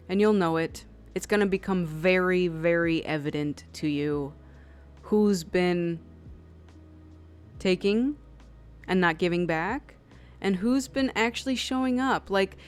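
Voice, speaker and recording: Her voice is smooth and on the low side as she gives a chatty, casual tarot reading based on intuition. She fills gaps with "like" and performs the people she quotes in lively tones.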